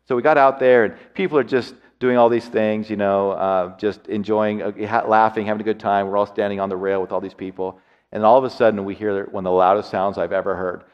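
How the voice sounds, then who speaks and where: A man preaching a sermon as pastor. He drops to hushed tones and rises to loud, excited storytelling, often repeating words as he builds a point. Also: fairly low pitch, fairly quick. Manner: swings from hushed, near-whispered lines to loud, excited storytelling. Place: church sanctuary. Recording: long hall reverb, dull lo-fi sound.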